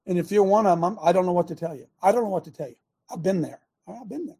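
A man's voice: high voice, brisk. A middle-aged man preaching in a loose, conversational way, telling stories and asking his listeners questions. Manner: animated, storytelling, asks listeners questions. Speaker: show host preaching.

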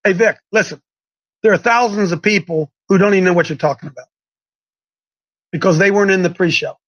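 A man hosting a live call-in show, talking in an excitable, preachy, rambling way. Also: high voice, fairly quick, dull audio.

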